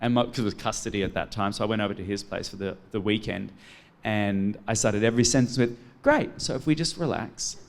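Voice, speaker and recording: A man's voice: lowish voice, steady tone, fast talker, creaky. A man hosting a live podcast on stage, telling stories in a camp, theatrical way. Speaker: podcast host.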